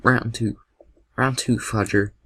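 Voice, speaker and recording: A young man doing excitable, jokey gameplay commentary with a gravelly voice, yelping at scares. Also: medium pitch, slow pace, no room sound, poor audio.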